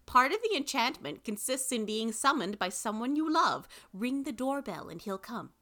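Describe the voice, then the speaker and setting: A woman reading aloud, voicing a doting old grandmother who gently insists. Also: fairly high pitch, sing-song, moderate pace, voice pushed up. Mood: coaxing. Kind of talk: audiobook reading.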